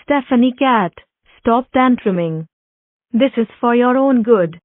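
A woman's voice: fairly high pitch, unhurried, no room sound, narrow, tinny audio. Synthetic woman as a stern cartoon mother cat. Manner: scolding, flat.

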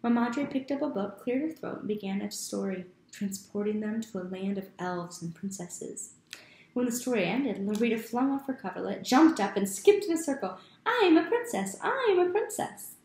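A woman reads a children's chapter book aloud in a steady, expressive storytelling voice. Her tone has a gravelly fry to it. The sound carries the echo of a bare room. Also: mid-range voice, normal speed. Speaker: teacher reading aloud. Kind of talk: storybook read-aloud narration. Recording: echoey room.

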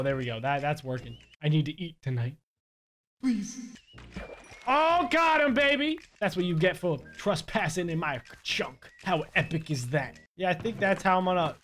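Excitable high-voiced young man gaming. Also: slight background noise. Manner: hyped, shouts at mobs, talks to viewers. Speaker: gaming video creator. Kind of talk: excited gameplay commentary.

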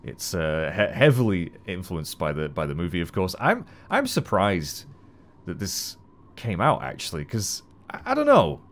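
Chatty guy doing let's play commentary, low voice, pitch all over the place, faint music. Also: normal speed, slight background noise. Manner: animated, chatty, swears casually. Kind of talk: casual gameplay commentary.

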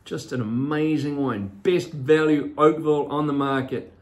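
A man's voice: fairly high pitch, fairly even intonation, normal speed. A man with a New Zealand accent, a winemaker talking casually and keenly through a wine tasting. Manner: enthusiastic, listing flavors.

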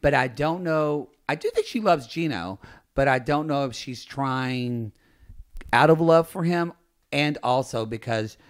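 A man co-hosting a podcast, chatting casually and gossiping playfully about a reality show. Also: medium pitch. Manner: gossipy, playful, quick to laugh. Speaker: podcast co-host.

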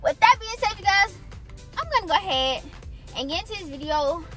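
High, bright, animated young woman vlogger. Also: a little fast, soft background music. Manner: energetic, animated, slangy. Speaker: vlogger pranking her boyfriend. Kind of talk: casual vlog chat. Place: in a car.

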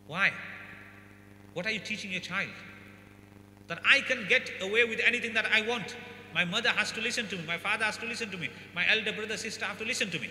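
Bright-voiced man preaching in an echoey hall. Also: high-pitched. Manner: emphatic, repeats points, acts out parents and children. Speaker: Islamic scholar giving a talk. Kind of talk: sermon. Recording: echoey hall with faint hum.

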